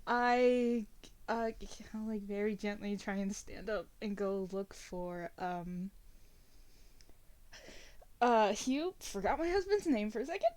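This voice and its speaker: A woman's voice: medium pitch, expressive, slow, a little mellow. A woman playing in a tabletop role-play, rambling casually and filling her speech with "like". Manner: rambling, says 'like' constantly, giggly. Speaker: player. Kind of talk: casual chat in a tabletop game.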